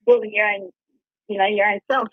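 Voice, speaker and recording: A woman's voice: medium pitch, fairly even intonation, brisk, no echo. A woman with an Australian accent calling in to a talk show, chatting in a rambling, easygoing way and laughing easily. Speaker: caller. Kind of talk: casual call-in chat. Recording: dull distant phone-line sound.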